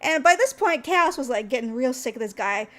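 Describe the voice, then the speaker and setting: A woman's voice: sits high, expressive, fairly quick, sharp tone. A young woman streamer telling a story casually to her chat, rambling with lots of fillers and laughs. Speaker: VTuber streamer.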